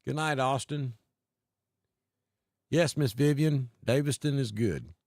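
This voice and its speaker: A man from Alabama with a Southern accent tinged with north Georgia mountain talk, hosting a live weather stream in a folksy, unhurried way and greeting viewers by name. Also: medium pitch, a little mellow, no room sound, clean studio sound. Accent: Southern US, Alabama with north Georgia mountain mix. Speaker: weather livestream host.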